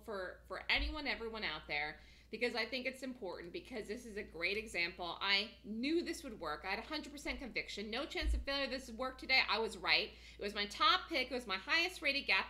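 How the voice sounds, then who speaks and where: A woman teaching day trading on a screen share, excited and emphatic, often repeating herself. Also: on the high side. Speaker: trading instructor.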